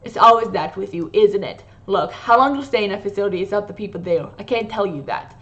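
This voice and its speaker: A woman's voice: medium pitch, fast talker, close to an everyday voice. A woman reads a pompous male doctor who is curt, greedy and impatient. He talks down to everyone, his voice sitting in a plain middle range. The lo-fi mic dulls it. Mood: condescending.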